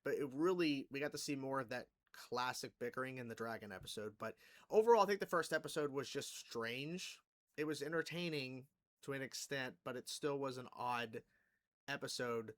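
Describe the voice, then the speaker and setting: A man's voice: medium pitch, moderate pace. A man hosting a reaction channel, rambling through casual commentary on a cartoon episode. He is exasperated, swears freely and laughs between thoughts.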